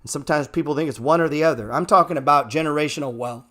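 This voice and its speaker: Talking rapid-fire, the host of an unscripted stock market show is blunt and swears freely. He repeats phrases to hammer points home, lurching from loud outbursts to low muttering.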